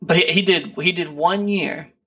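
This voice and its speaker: A man's voice: high-pitched, moderate pace, pushed and bright, recorded from a distance, muffled recording. A man co-hosting a podcast, talking in a laid-back, rambling way with lots of fillers and restarts. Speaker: podcast co-host. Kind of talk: casual chat.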